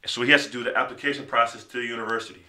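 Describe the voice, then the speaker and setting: A man guest telling his life story in casual conversation, animated, slipping into quoted voices. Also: mid-range voice, very fast. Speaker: podcast guest.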